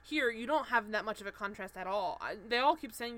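A woman's voice: on the high side, expressive, fast, a bit bright. A woman co-hosting a podcast, chatting casually and animatedly with lots of fillers, acting out characters' lines. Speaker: podcast co-host. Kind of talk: casual chat recapping a TV show.

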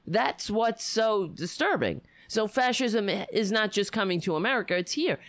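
Woman, political commentary host, sarcastic, indignant, middle pitch, dry close sound. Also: fairly bright tone, no room sound. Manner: indignant, sarcastic, with many restarts.

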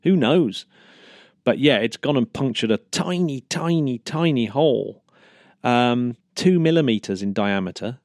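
A man's voice: medium pitch, animated, measured pace, a little mellow, no echo, studio quality. A man co-hosting a casual news chat, chatty, laughing often and restarting sentences. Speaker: podcast co-host.

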